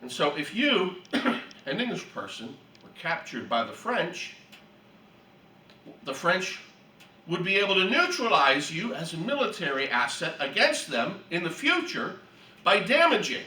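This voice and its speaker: Animated man teaching, echoey and distant. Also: sits high. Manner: lively storytelling with clearing of the throat. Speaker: Bible teacher. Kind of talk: animated Bible class teaching. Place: room for a church class. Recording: echoey room, distant mic.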